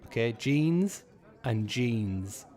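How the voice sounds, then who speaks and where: A man in his thirties hosting a live pub quiz, chatty and sweary, repeating each question slowly. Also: medium pitch, animated, a little mellow, some chatter behind.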